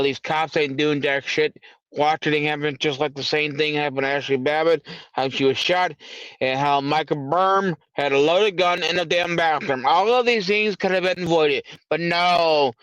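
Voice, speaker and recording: An irritated man hosting a live stream, ranting and swearing with a fairly high voice. The sound is dry and dull, like low-grade stream audio. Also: fairly bright tone, dry recording. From United States. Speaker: livestream host. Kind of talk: angry political rant and call-in chat.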